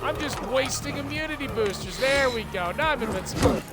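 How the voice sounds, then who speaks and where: A woman's voice: sits high, lively intonation, brisk, loud music behind the voice. A woman streamer giving live gameplay commentary, ranting with lots of swearing and stammered restarts. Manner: profane, exasperated ranting.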